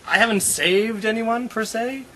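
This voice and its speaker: A man's voice: sits high, a little slow, bright, forceful tone, slight background noise, rough recording. A man talking in a hesitant, doubtful and sarcastic way in an improvised comedy sketch. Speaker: comedic superhero character interviewing others. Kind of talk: improvised comedy web series.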